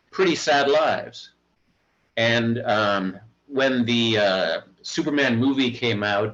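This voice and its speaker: A man's voice: mid-range voice, a bit bright. A man co-hosting a podcast, chatting casually about comics in a blunt, opinionated way and often stopping to say um or restart a sentence. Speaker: podcast co-host. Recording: dull lo-fi audio.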